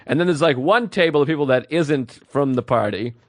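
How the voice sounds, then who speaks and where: A man's voice: a little high, brisk, no echo, studio quality. A man, a comedian co-hosting a podcast, telling a story in casual chat and acting out the quotes. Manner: animated, acts out quotes in shifting voices.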